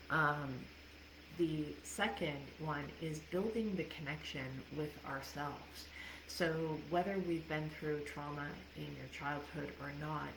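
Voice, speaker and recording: This deep-voiced woman, a life coach, chats openly with a live audience during a casual livestream, swearing and laughing often. The background is noisy, and the room is echoey with faint ambience.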